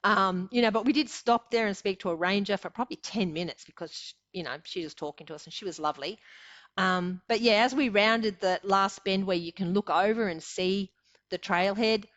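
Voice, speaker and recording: Brisk and a bit bright at a medium pitch, an older Australian woman recounts her story as a guest. It's a casual interview where she rambles chattily, with fillers and frequent laughter, recorded in dull lo-fi sound.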